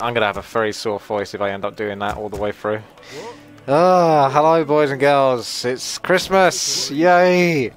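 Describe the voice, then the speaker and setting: A man with a mid-pitched, everyday voice talks through his strategy game in a loose, chatty way, cracking self-deprecating jokes as he goes. Soft music plays faintly underneath. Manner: chatty, joking, self-deprecating, thinking aloud. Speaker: gaming channel host. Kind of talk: casual live game commentary.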